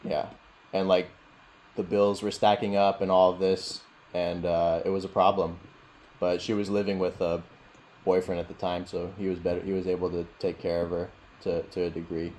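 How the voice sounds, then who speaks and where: A man with a very deep, low voice leads a meditation session and answers questions over a video call. He talks in a relaxed, rambling way and laughs often. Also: normal speed, slight background noise. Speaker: meditation teacher. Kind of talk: casual teaching and Q&A.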